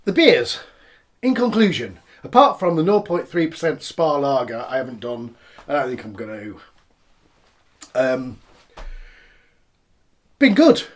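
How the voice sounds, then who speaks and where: A man's voice: medium pitch, expressive, a little slow, pauses often. A man casually reviewing beers and cider on camera, chatty and rambling as he tastes each one. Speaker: beer reviewer.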